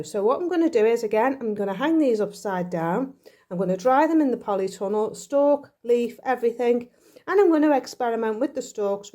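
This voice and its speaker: Chatty woman vlogging with a higher voice. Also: mellow. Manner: chatty and rambling, thinking aloud. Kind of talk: casual vlog chat. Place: outdoors in a yard.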